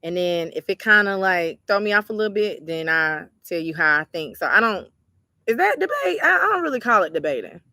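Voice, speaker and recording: Chatty woman with a bright voice. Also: lowish voice, a little fast, hardly any pauses, dry recording, clean studio sound. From Georgia, US. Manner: chatty, relaxed, talks straight to the viewers as y'all. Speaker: livestream host and tarot reader. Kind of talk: casual livestream chat reading viewer comments.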